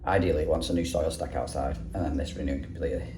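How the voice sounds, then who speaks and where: A man's voice: very deep voice, fairly even intonation, fast, noisy background. A young English man, a plumber, talking casually through his work in a bathroom, with dry grumbling asides. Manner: chatty, dry grumbling asides while working. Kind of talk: casual work vlog narration. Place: indoor bathroom on a job.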